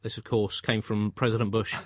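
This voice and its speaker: A man co-hosting a comedy podcast, with a dry, deadpan mock-newsreader delivery. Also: fairly low pitch, brisk, no room sound. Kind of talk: deadpan satirical news comedy.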